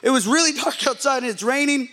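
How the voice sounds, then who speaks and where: A young man preaching as a pastor, telling a story in an animated, self-deprecating way and joking with his listeners. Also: very high-pitched, fast. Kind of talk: humorous storytelling sermon.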